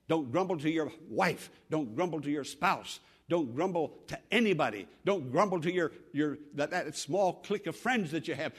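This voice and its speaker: An older man preaching a sermon in a high, bright voice. His pitch leaps and falls, and he repeats lines for effect. He moves between hushed asides and loud outbursts. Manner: dramatic preaching with repetition and sudden swings in volume. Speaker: pastor.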